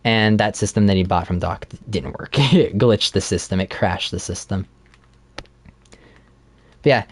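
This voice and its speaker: A man co-hosting a casual podcast, chatting while playing a game and retelling a plot with animated laughter. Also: fairly low pitch, measured pace, no echo. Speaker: podcast co-host.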